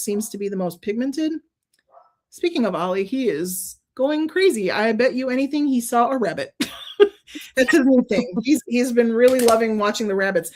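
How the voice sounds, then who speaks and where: A woman with a slightly raised pitch hosts a casual card-making stream. She talks her way through each step, laughing often and gushing openly as she thinks aloud. Her delivery is loose and conversational, full of warm asides. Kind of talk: casual crafting demonstration.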